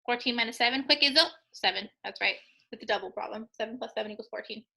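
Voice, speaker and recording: A woman's voice: a little high, fast, creaky, bright, forceful tone, rough recording. A woman teacher talking students through a math review, chatty and encouraging, joking with the class as she counts out answers.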